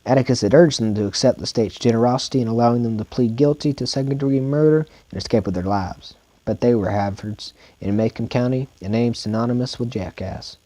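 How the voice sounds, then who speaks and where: A man's voice: medium pitch, fairly quick, dark tone, dry recording. A man with a Southern US accent reading a novel aloud at home in a laid-back, informal way, sometimes stumbling and repeating words. His mouth is dry. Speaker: audiobook reader. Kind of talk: amateur audiobook reading.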